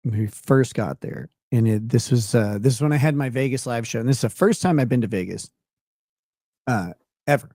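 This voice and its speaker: A man's voice: medium pitch, normal speed, warm tone, no echo, studio quality. Laughing man from Minnesota telling stories. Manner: rambling, laughing often, many restarts and fillers. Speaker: show host. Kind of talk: casual storytelling chat.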